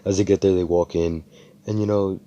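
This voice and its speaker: Deep-voiced young man telling a rambling story. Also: flat delivery, brisk, mellow, muffled recording. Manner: rambling, profane, laid-back. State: tired, yawning. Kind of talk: casual improvised fan-fiction storytelling.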